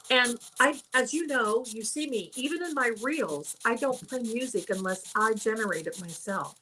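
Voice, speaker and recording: A woman's voice: a little high, moderate pace, sharp tone, a little hiss or hum, rough recording. A woman psychic hosting a live stream, chatting casually and rambling through stories. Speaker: psychic host.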